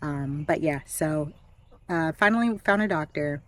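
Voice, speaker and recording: A woman in her thirties telling a personal story in a candid, chatty way, with frequent fillers and soft laughs. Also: low-pitched, measured pace, slight background noise. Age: 30s. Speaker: vlogger. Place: backyard with chickens.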